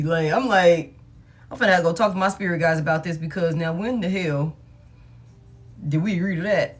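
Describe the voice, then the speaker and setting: A woman's voice: fairly low pitch, moderate pace, pauses often. A woman in her thirties chatting casually to her live audience as a tarot reader. She speaks bluntly, curses freely and breaks into laughter. Her delivery is loose and conversational, like a host talking to regulars. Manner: candid and profane, laughs often, talks straight to her viewers.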